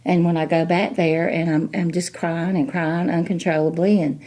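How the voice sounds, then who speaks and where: A woman's voice: lowish voice, little pitch movement, normal speed, warm tone. Middle-aged woman telling a story. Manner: chatty, folksy, many "you know" asides, acts out quoted dialogue. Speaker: guest, ministry director. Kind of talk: personal storytelling in an interview.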